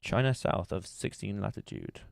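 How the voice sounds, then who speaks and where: Brief: male streamer, very low voice, dry close sound, casual thinking-aloud chat. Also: moderate pace, gravelly, no echo. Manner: musing aloud while playing a guessing game.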